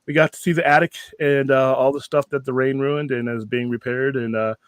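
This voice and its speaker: Guy hosting a live stream, talks fast, dry close mic, jokes around a lot. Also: medium pitch, steady tone, smooth, dry recording. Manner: joking, rambling, laughs often. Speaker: host. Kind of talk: casual live-stream chat.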